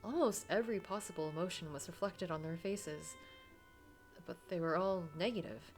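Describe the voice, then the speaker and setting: Woman, lowish voice, narrates a story game aloud with chatty asides, soft music behind. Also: normal speed. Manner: dramatic narration broken by casual asides. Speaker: game player reading aloud. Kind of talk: reading a visual novel aloud with asides.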